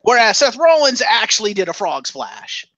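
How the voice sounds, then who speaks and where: A man's voice: high-pitched, huge pitch swings, normal speed, a bit bright, dry recording, low-quality recording. A man co-hosting a podcast, chatting casually about wrestling in a sarcastic, profane rant. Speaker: podcast co-host.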